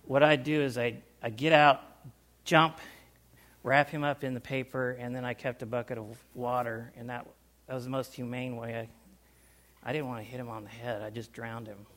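A man telling a personal story to a small group, animated, with loudness swinging up and down and sounds acted out. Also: mid-range voice, moderate pace. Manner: animated, loudness rising and falling, acts out sounds. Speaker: speaker recounting life overseas.

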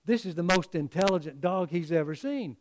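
A man preaching a sermon in an earnest, halting way, often repeating words as he restarts. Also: sits high, animated, slight background noise.

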